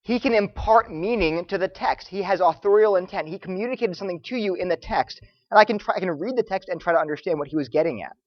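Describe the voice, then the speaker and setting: A man lecturing students, telling stories in an animated way and acting out the voices of the people he quotes. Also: high-pitched, fast talker, no echo, lo-fi sound. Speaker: Christian apologetics speaker.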